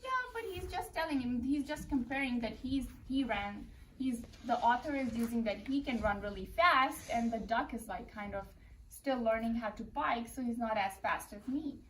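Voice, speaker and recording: A woman's voice: fairly high pitch, moderate pace, slight background noise. A young woman teaching preschool, reading a picture book aloud to her class and keeping order with patient firmness. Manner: patient, firm classroom management with expressive read-aloud. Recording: roomy classroom, mic far off.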